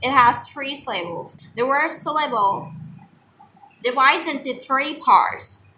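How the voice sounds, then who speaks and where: A young woman giving an online pronunciation lesson, saying each example word over and over so the learner can follow. Her voice is bright and clear and sits a little high. A faint hiss runs under the recording. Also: animated, distant mic. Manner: repeats example words slowly for the learner. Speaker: online tutor.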